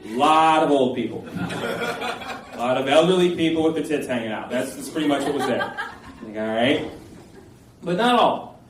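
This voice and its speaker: A man's voice: medium pitch, animated, normal speed, pauses often. A man in his late twenties telling a comic personal story at a live storytelling event, rambling and self-mocking, with lots of filler words. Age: late 20s. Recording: echoey room, voice from a distance, faint background noise.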